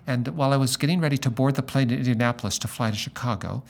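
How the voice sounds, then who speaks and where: A man's voice: mid-range voice, rapid-fire, vocal fry, darkish tone. A middle-aged male pastor talking about faith and telling a personal story, acting out the voices of people he quotes.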